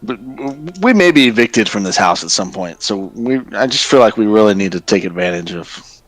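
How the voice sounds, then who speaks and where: A man's voice: on the low side, animated, moderate pace, dry recording, low-quality recording. A man playing a tabletop game, rambling and joking with the table. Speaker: player. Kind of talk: casual tabletop chat.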